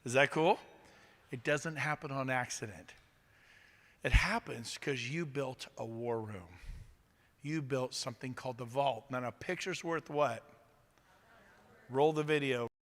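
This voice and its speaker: A man's voice: medium pitch, a little slow, pauses often. Upbeat man speaking in a reverberant hall. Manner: energetic, upbeat, asks the audience questions. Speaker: motivational speaker. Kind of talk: motivational stage talk.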